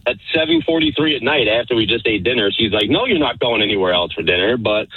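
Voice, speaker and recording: A man's voice: fairly low pitch, huge pitch swings, quick pace, slight background noise. A man calling in to a radio show over the phone, telling a story in an amused way with hesitations. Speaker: radio caller. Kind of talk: casual phone-in chat. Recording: dull lo-fi phone line.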